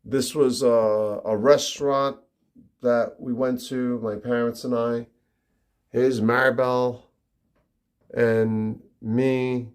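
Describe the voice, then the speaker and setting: A man in his fifties live-streaming from his family home indoors, chatting casually with viewers and reading their comments aloud, often trailing off quietly. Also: mid-range voice, little pitch movement, takes it slowly, smooth. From New York. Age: 50s.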